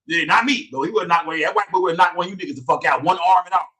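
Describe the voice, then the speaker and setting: A man hosting a livestream, reading chat names rapid-fire in loose, slangy, profane talk. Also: high voice, pushed and bright, distant mic. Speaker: livestream host. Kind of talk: casual livestream commentary and chat shout-outs.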